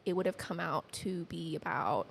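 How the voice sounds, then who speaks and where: A woman guest on a podcast telling personal stories in a chatty, animated way, acting out quoted dialogue with many fillers. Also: normal speed, vocal fry, slight background noise. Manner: animated, acts out quoted dialogue with lifted pitch. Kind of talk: casual conversational storytelling.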